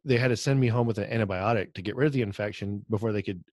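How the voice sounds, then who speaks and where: A low-voiced man co-hosts a casual podcast and trades jokes and quips with his partner. He also tells his own story in a loose, chatty way. The recording is dry, with no echo. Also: rapid-fire, darkish tone. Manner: joking banter, chimes in with quips. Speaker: podcast co-host. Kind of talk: casual chat. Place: on a video call.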